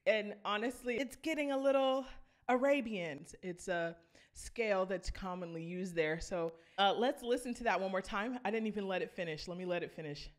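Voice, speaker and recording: A woman's voice: medium pitch, moderate pace. A woman vocal coach, teaching vocal runs and singing short demonstrations between explanations. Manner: enthusiastic, breaks into sung demonstrations.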